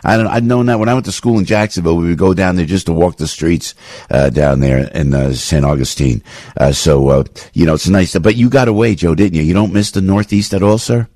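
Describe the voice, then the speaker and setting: A man in his sixties with a New Jersey accent, hosting a radio talk show with an animated, jokey pitchman's manner. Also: a little fast, dry recording, clean studio sound. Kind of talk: casual radio chat and live ad read. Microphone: studio broadcast mic.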